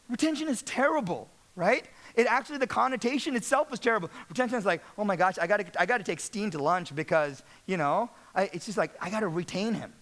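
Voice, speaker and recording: High-voiced energetic man giving a business talk. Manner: energetic, repeats words, asks audience questions. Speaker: speaker addressing real estate managers.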